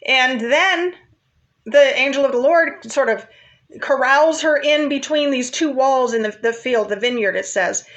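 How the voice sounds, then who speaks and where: A woman's voice: high voice, a little slow, fairly bright tone, highs cut off. A woman casually retelling a Bible story in a chatty, informal way, with asides to her viewers.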